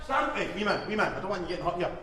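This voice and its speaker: A man, a wrestler, blustering and shouting through a backstage skit, out of breath. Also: sits high, expressive, racing. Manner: rowdy, shouting, laughing bluster. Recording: echoey from far off with crowd.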